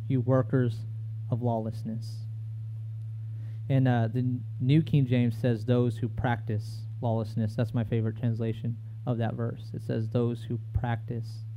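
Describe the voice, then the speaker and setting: A man delivers a sermon in a conversational way, stopping to read scripture aloud. His voice sits at an ordinary pitch for a man. The recording is dull and lo-fi. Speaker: preacher.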